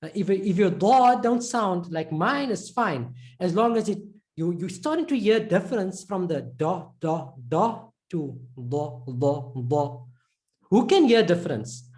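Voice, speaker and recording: A woman's voice: medium pitch, very animated, moderate pace, darkish tone. A woman teaching a live pronunciation class, encouraging her students and repeating syllables over and over to demonstrate. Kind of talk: live online class instruction.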